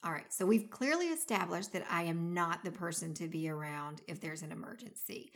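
Woman, casual co-host, animated storyteller. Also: on the low side, fairly quick. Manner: animated storyteller, acts out her own gasps and quotes. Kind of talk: casual chat.

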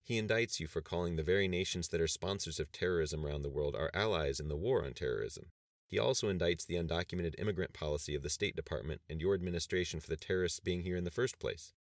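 Matter-of-fact female chief of staff, read by a man, low, fast and dry. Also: no room sound. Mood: briefing. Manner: brisk, matter-of-fact reporting. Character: briefing woman chief of staff.

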